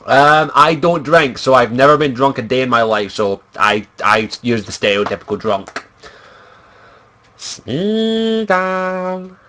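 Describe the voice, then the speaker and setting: A man's voice: mid-range voice, fairly even intonation, normal speed, hardly any pauses, bright, forceful tone, a little hiss or hum. A young man from Scotland, a streamer chatting casually in a profane, giggly, rambling way. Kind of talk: casual livestream chat.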